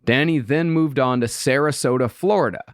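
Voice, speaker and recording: A man hosting a podcast, narrating a true crime story in a steady storytelling way with dry asides. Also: medium pitch, moderate pace, dry recording.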